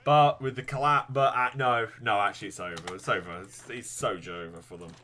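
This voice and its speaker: Excitable young man commentating a strategy game. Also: lowish voice, brisk. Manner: swings from mumbled muttering to loud pleading outbursts, swearing. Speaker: gaming YouTuber. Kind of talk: live gameplay commentary.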